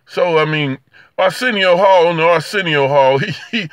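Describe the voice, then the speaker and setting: A man's voice: a little high, moderate pace, clear, resonant tone, no echo, clean studio sound. A man giving a casual, rambling monologue to camera, folksy and chuckling, often stammering and repeating words. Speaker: vlogger.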